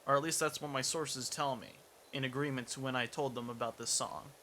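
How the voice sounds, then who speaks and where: A man's voice: medium pitch, fairly even intonation, a little fast, sharp tone, slight background noise. A young man chatting casually while streaming a game, rambling and poking fun at himself as he mutters along. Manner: rambling and self-mocking, mutters while playing. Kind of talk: casual gameplay chat.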